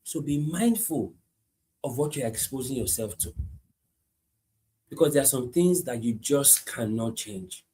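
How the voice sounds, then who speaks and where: A man preaching a sermon, repeating his points emphatically and moving between hushed lines and loud climaxes. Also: medium pitch, lively intonation, a little slow, pauses often, a little hiss or hum. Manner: repetitive, emphatic, swings from hushed to shouting.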